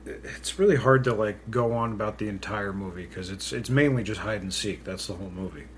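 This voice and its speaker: This podcast co-host has a lowish voice and chats casually from home into a pink studio mic, with slight noise in the background. He jokes his way through a movie discussion, often at his own expense.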